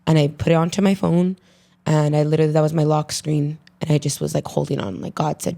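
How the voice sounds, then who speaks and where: A woman's voice: low voice, little pitch movement, fast talker, gravelly, mellow. A woman as a podcast guest in casual conversation, telling her story in a heartfelt way.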